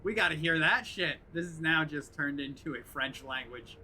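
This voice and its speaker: A man's voice: fairly high pitch, moderate pace, sharp tone, slight background noise. A man chatting casually and joking with mock French asides while live-streaming a video game.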